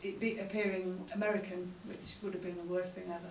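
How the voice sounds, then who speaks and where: A woman's voice: fairly low pitch, level tone, fast, a crowd in the background. A woman actress talking about her role at a Q&A, joking and laughing. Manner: giggly, joking asides. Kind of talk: casual Q&A talk. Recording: echoey room from far off.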